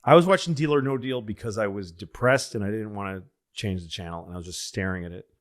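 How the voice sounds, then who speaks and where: A man's voice: fairly low pitch, fast talker. A man in casual podcast conversation, telling a rambling, reflective story with restarts and acted-out quotes. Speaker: podcast guest. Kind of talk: casual chat.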